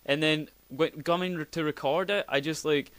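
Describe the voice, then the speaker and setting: A young man chats as a podcast guest in a smooth, clear voice of middling pitch. He rambles and hesitates, restarting his sentences as he thinks aloud. The recording is dry and close. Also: steady tone, normal speed, fairly bright tone, dry recording. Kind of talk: casual chat.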